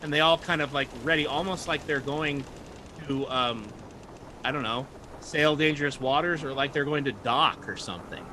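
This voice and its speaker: A man narrating as game master of a tabletop horror game, relaxed and rambling. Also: fairly high pitch, normal speed, background noise. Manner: relaxed, full of fillers and restarts.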